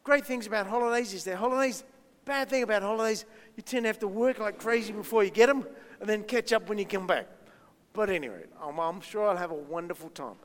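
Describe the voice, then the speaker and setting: Chatty pastor in a reverberant hall. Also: male voice, high voice, quick pace. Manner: chatty, self-deprecating, asks the children questions. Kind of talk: children's talk in a church service.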